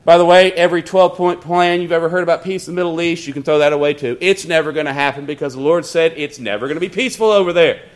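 A middle-aged man preaching a sermon, earnestly quoting scripture and slowing down on key words. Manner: wry storytelling asides in a lower, quieter voice.

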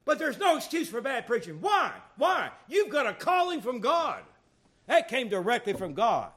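At a moderate pace, a man delivers a sermon in a high voice that swoops up and down in lively arcs. He moves between quiet, confiding asides and loud, emphatic calls to his congregation.

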